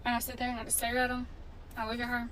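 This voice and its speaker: A woman's voice: fairly high pitch, completely flat delivery, very fast, a bit bright. A woman in a casual storytime vlog, telling a story in a blunt, indignant way and swearing freely. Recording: distant mic with faint background noise.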